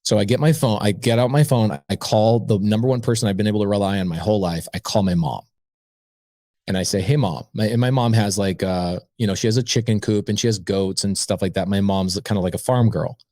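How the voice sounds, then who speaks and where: Dry-voiced man telling a lively anecdote. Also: lowish voice, fairly quick, no room sound. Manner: lively anecdote-telling, acts out quoted dialogue; conversational, frequent "like" and "I go". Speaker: podcast guest. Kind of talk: casual storytelling.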